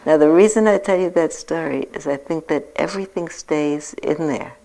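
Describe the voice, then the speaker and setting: Low gravelly older woman teaching. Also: normal speed, rough recording. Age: 60s. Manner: reflective, gently self-mocking storytelling. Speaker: meditation teacher. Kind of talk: dharma talk.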